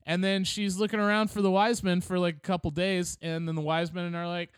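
Comic co-host, male, high and clear voice, bouncy storyteller. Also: fairly even intonation, moderate pace, no echo, clean studio sound. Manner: storytelling with silly put-on quotes, laughs often. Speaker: podcast co-host. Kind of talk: casual comedic chat.

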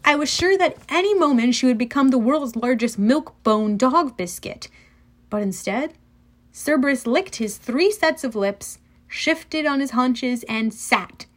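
A woman narrating a children's fantasy audiobook in the first person, lively and storytelling. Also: sits high.

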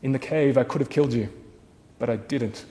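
A man voicing a young warrior calling out to a king in a booming, commanding voice. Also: fairly quick, warm tone, in a large hall, close to an everyday voice. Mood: bold pleading.

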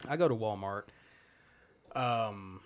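Podcast guest, man, 30s; slightly low, cussing casual storyteller. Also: heavy background noise. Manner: profane, rambling storyteller.

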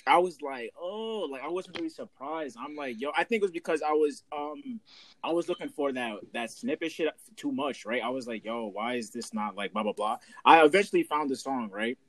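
A young man co-hosting a casual podcast, loud and joking, giving quick reactions and talking about music. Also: on the high side, animated, no echo. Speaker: podcast co-host. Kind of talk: casual chat.

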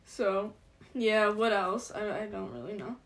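A young woman of eighteen chatting casually with a friend, slangy and quick to laugh, sometimes mumbling her words together. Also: medium pitch, fairly even intonation. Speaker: podcast co-host. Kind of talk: casual chat.

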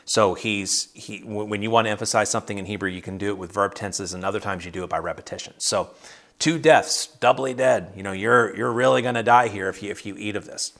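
A man's voice: fairly low pitch, a little fast, fairly bright tone. A man leading a casual Bible study over a video call, talking conversationally with frequent restarts and fillers.

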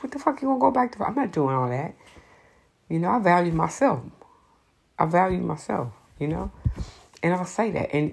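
A woman speaks in a low register with a husky edge, delivering an unscripted monologue of blunt advice. Her talk is emphatic and laced with profanity, hammering each point home.

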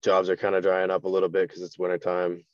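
Very deep, flat-voiced hesitant man. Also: fast, no room sound, dull audio. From Canada. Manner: hesitant, many ums, subdued. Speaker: podcast guest, drywall contractor. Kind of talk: casual interview talk.

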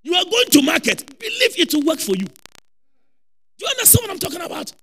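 A man preaching a lively sermon with a Ghanaian accent, repeating phrases and shouting for emphasis. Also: very high-pitched, fairly quick, a crowd in the background, rough recording.

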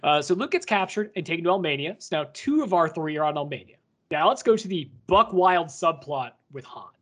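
A man co-hosting a casual podcast about a book, animated and swearing as he retells scenes. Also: fairly high pitch, a little fast. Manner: animated, swears, acts out quotes. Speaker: podcast co-host.

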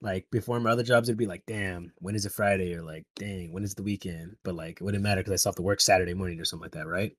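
A young man in relaxed, slangy casual chat. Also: deep voice, fast talker, hardly any pauses, breathy edge, no echo, studio quality. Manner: laid-back, slangy.

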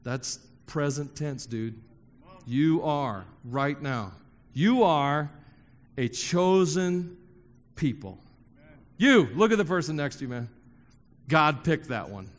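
A man's voice: on the high side, lively intonation, slow pace, big-room sound. A man preaching a sermon to a congregation, joking with the crowd and emphatically repeating key phrases. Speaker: pastor. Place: church hall before a congregation.

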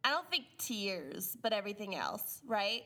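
A woman's voice: medium pitch, big pitch swings, moderate pace, bright, forceful tone. A woman hosting a podcast, introducing the show in cheerful casual chat, giggling often. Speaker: podcast co-host.

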